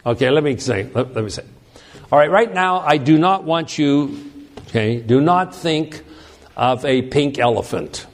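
A man's voice: medium pitch, expressive, a little slow. A man teaching a sermon, reading scripture verses aloud and explaining them with frequent restarts. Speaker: preacher.

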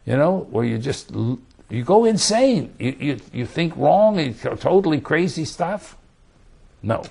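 A man preaching a sermon in a slightly raised, gravelly voice. He talks conversationally, then swells into loud, emphatic scripture readings. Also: a little high, big pitch swings, unhurried.

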